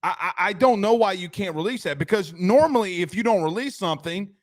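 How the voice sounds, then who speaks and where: A man with a high voice hosts a postgame sports talk show, ranting with lots of energy and reading viewer comments aloud. His delivery is loose and conversational. The sound is dry and close to the mic. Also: fairly quick, no echo. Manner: animated, ranting, reads chat comments.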